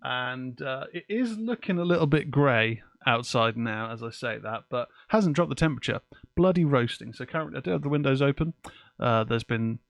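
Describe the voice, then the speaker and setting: Chatty podcast host, dry sound. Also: male voice, mid-range voice, lively intonation, moderate pace, vocal fry, dry recording. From England. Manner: casual, chatty, swears offhandedly. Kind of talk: live-streamed podcast chat. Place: home office with windows open. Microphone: desk microphone.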